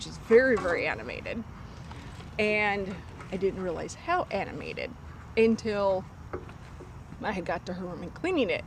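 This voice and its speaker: A woman telling a story from her cleaning job in casual talk, acting out a little girl's lines in a high voice. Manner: animated, acts out a child's lines in a high voice. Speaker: storyteller guest on a vlog. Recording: faint street noise.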